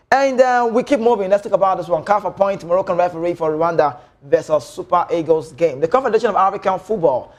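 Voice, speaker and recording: High-pitched Nigerian man bantering. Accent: Nigerian English and Pidgin. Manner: bantering, switches between Pidgin and English. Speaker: football show host. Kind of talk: casual commentary reading viewer comments.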